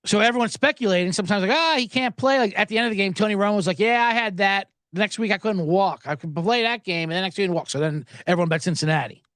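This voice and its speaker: A man's voice: high-pitched, racing, hardly any pauses, no room sound, clean studio sound. A man hosting a sports betting podcast, ranting sarcastically about line moves and celebrities, swearing often. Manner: animated, sarcastic, swears a lot. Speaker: podcast host. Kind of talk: profane sports betting rant.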